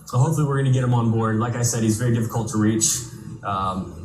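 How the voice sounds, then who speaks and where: A man's voice: medium pitch, fast. Man interviewing over background music. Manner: casual, polite, with fillers. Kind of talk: interview questions. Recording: echoey room with music underneath.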